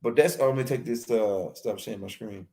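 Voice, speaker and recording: A man's voice: fairly low pitch, a little fast, vocal fry, mellow. A man giving a casual, rambling lecture on a livestream, repeating himself and using street slang. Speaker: host of a spiritual teaching stream.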